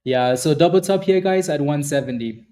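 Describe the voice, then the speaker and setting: A man's voice: on the high side, normal speed, warm tone. Chatty man hosting a trading stream. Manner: chatty, answers viewers by name; rambling with many restarts. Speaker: stock trading livestream host. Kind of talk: live-stream market commentary.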